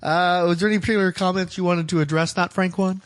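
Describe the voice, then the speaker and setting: A man's voice: high voice, fairly even intonation, quick pace. A man co-hosting a comics podcast, reading listener comments and giving opinionated, wry takes in casual chat. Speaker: podcast co-host.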